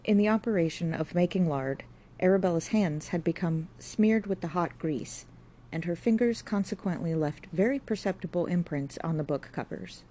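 Low, mellow woman narrating a classic novel. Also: normal speed, slight background noise. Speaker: audiobook narrator.

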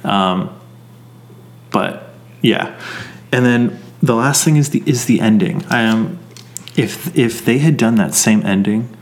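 A man's voice: mid-range voice, takes it slowly, pauses often. A man co-hosting a podcast, bluntly ranting and swearing his way through a casual movie review. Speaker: podcast co-host.

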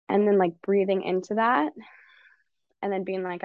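A woman coach talks loosely and candidly, dropping swear words and slipping into quoted self-talk. Her voice sits at an ordinary pitch. The sound is dry and a little muffled. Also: steady tone, unhurried, gravelly, dry recording. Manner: chatty, swears freely, acts out inner dialogue. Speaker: coach and guest. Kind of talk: casual podcast conversation.

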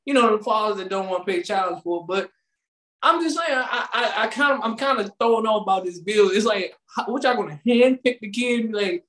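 A radio show co-host with a high-sitting, slightly bright voice talks fairly quickly in casual podcast-style banter, joking and acting out little scenes. The recording has a roomy echo.

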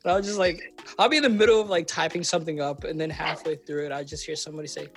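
A young man born in Kenya hosting a podcast, telling animated stories in a casual chat with lots of fillers. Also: on the high side, quick pace, husky. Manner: animated storyteller, acts out quoted voices, frequent fillers. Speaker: podcast host.

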